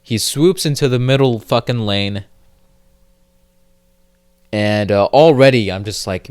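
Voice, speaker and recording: A man's voice: mid-range voice, slow, pauses often, clean tone, dry recording. A man hosting a solo podcast, telling a rambling, profane story full of fillers and restarts. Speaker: podcast host. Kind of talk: casual solo podcast monologue.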